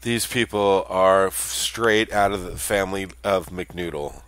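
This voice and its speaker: A man's voice: sits low, fairly even intonation, measured pace, a bit bright, dry recording. A man co-hosting a casual podcast, speaking in an exasperated, emphatic way. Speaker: podcast co-host. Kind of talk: casual chat.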